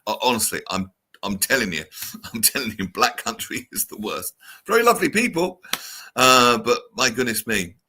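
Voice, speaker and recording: A man's voice: medium pitch, animated, moderate pace, bright, forceful tone, breathy edge. A man hosting a casual chat show, chatty and reading out viewer comments. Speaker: show host.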